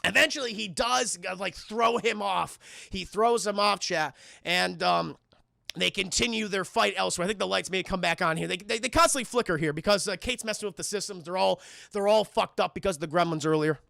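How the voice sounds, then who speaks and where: A man recapping a film scene by scene for his live chat, animated and profane, acting out the characters as he goes. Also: high voice, a little fast, vocal fry, dry recording, studio quality. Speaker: streamer and film reviewer.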